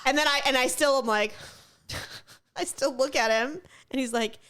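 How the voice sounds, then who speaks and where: A woman's voice: sits high, moderate pace, fairly bright tone, clear, resonant tone. A woman co-hosting a podcast, retelling her own stories dramatically in casual chat with her sister, often laughing. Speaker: podcast co-host.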